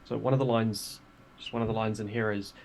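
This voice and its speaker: A man playing a tabletop game, explaining in a measured way and speaking in character. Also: lowish voice, steady tone, darkish tone, a little hiss or hum. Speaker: player.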